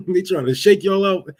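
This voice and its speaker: A young man hosting a casual livestream, cursing loudly and laughing as he rants and thanks donors. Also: sits high, husky. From Detroit. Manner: profane, loud, laughing rants. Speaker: livestream host.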